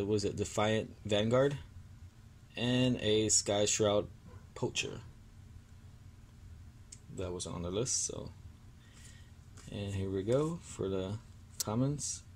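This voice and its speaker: A young man hosting a casual card-opening vlog, sounding annoyed and apologetic as he stumbles over card names. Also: fairly low pitch. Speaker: card-opening video host.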